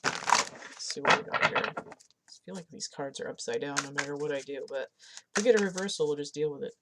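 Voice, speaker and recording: A woman's voice: sits low, a little fast. A woman doing a casual card-of-the-day tarot reading, chatting and thinking aloud as she shuffles and looks at the cards. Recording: audible background noise.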